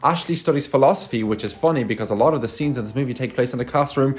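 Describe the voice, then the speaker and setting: A man's voice: medium pitch, very fast, a little mellow. A man giving a casual movie review, sarcastic and exasperated, swearing often. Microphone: phone.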